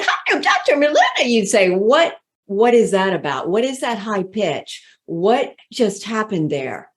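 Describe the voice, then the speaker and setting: With a warm, medium-pitched voice, a woman coaches on leadership in a motivational talk. She stretches out emphatic words, keeping her delivery slow and deliberate.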